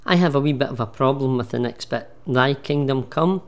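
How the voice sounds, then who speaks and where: A man's voice: mid-range voice, a little fast, natural voice. A man playing a doubting, cheeky disciple in a comic church sketch. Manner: hesitant, cheeky. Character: doubtful grown male disciple. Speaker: radio station manager.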